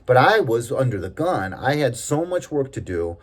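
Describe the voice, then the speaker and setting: A man's voice: mid-range voice, very animated, normal speed. A man telling a personal story in a casual, rambling way, with growing indignation and plenty of fillers. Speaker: storyteller recounting a workplace experience.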